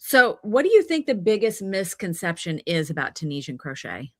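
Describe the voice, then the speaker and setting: Woman host, bright tense tone, dry close sound, hesitant ums. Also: lowish voice, sing-song, moderate pace, dry recording. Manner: hesitant "um" openings, brief affirmations. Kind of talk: live-stream interview hosting.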